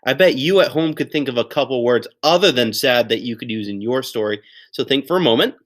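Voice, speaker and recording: A man's voice: mid-range voice, brisk. Upbeat man teaching young kids. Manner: upbeat, encouraging, with playful exclamations. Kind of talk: recorded lesson for young children.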